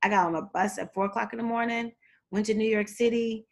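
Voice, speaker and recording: Animated woman telling a story. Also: quick pace, gravelly. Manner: animated, acts out quotes with big jumps in pitch. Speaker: guest, performer and fitness trainer. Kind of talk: storytelling in a casual interview.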